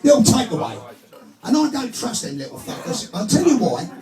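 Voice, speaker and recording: English bloke in his 40s doing crude stand-up, high voice, echoey club, crowd roaring. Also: huge pitch swings, moderate pace. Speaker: stand-up comedian. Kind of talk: live stand-up routine. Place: club stage before a live audience.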